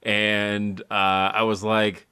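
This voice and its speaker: Young guy with a lisp from mouth surgery, rambly podcast chat, bright crisp voice, dry sound. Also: lowish voice, completely flat delivery, extremely slow, no room sound. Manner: rambling storytelling with many fillers. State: lisping after oral surgery. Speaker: podcast co-host.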